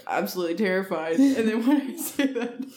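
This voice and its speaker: A woman's voice: mid-range voice, animated, fairly quick, darkish tone, slight background noise. A young woman co-hosting a podcast in casual chat, giggling and reacting to her friend's story. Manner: giggly, reacting with short backchannels. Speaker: podcast co-host. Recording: echoey room.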